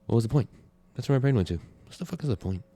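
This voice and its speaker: A man's voice: mid-range voice, expressive, racing, dark tone, slightly rough, no echo. A man co-hosting a podcast who talks bluntly and openly about personal loss in casual conversation. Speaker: podcast co-host.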